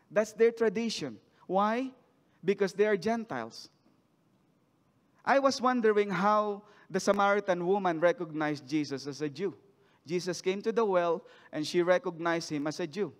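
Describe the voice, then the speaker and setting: Male preacher, high voice, reading scripture and questioning the church, long hall reverb. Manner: reads scripture then asks the congregation questions. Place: church sanctuary.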